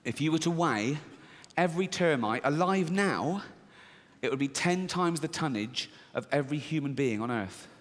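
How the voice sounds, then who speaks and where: A middle-aged man doing stand-up comedy, deadpan and swearing, acting out squeaky voices in a theater. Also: moderate pace, big-room sound. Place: large theater with audience. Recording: live theater, audience laughter.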